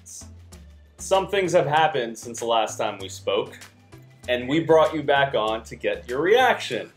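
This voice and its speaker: A man hosting a sports podcast, chatty and quick to laugh, often restarting his sentences. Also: mid-range voice, big pitch swings, soft background music. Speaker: podcast host. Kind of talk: casual sports podcast chat.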